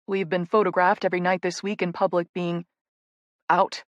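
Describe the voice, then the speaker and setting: A woman narrator voicing a confident young male hockey player in an audiobook, teasing and steady. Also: sits high, moderate pace, dry recording, highs cut off.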